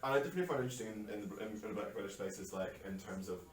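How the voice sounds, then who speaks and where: A man's voice: on the low side, expressive, very fast. A man hosting a podcast, talking through ideas aloud with many restarts. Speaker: podcast host. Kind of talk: casual conversation. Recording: echoey room, distant mic, faint music.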